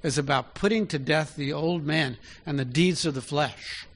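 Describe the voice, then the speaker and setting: A man's voice: fairly high pitch, normal speed. A man preaching a sermon in an easy, conversational way, often asking his listeners direct questions.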